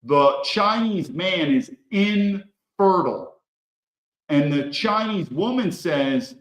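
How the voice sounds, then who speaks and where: A man's voice: high voice, expressive, takes it slowly, a bit bright, roomy sound, poor audio. A man hosting a commentary stream, talking in a blunt, emphatic and repetitive way. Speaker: host.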